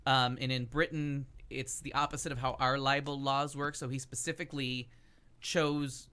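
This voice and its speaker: Man, podcast co-host, opinionated movie chat, casual swearing, bright edgy tone. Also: medium pitch, level tone, moderate pace, clean tone. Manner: chatty and opinionated, swears casually, many fillers.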